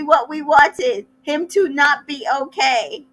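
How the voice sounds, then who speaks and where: A woman hosting a casual recap, chatty and opinionated, with sassy asides and quick voices for the people she quotes. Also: high-pitched, fairly bright tone, poor audio. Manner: acts out cast members' lines in quick voices. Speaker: recap host.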